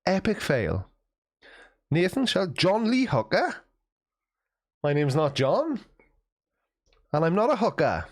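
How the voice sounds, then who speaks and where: A man's voice: high-pitched, very animated, unhurried, pauses often. A man hosting a casual livestream, reading chat messages aloud and answering them with wry, self-mocking banter.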